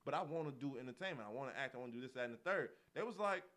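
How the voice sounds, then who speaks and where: Fast-talking animated young man. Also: medium pitch. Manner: animated storytelling with acted-out quotes and frequent laughter. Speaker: podcast co-host. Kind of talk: casual chat.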